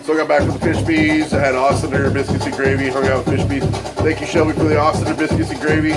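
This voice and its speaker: A higher-voiced man rambling through a casual vlog from behind the wheel. He swears constantly, barks and yells at people outside, then keeps apologizing for it. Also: flat delivery, quick pace, loud music behind the voice. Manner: rowdy, swearing, barking and yelling outbursts, repeated apologies. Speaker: vlogger.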